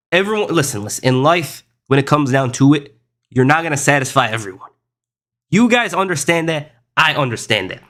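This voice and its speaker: Reading his chat out loud, a young livestreamer riffs on it casually and rambles, with "bro" and "listen" coming up often. His voice is medium in pitch and fairly bright.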